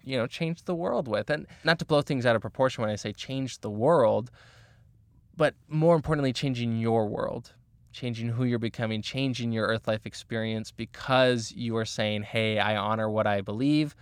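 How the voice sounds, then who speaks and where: A man's voice: medium pitch, moderate pace, clean tone, dry recording. A man talking earnestly and casually, giving motivational advice about goals with frequent fillers. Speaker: motivational speaker.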